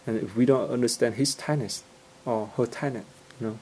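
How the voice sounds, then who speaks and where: A man giving an informal teaching talk in halting English, full of fillers and restarts, growing animated as he acts out everyday scenes. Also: medium pitch, a little hiss or hum, rough recording. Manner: gets animated and laughs when acting out scenes.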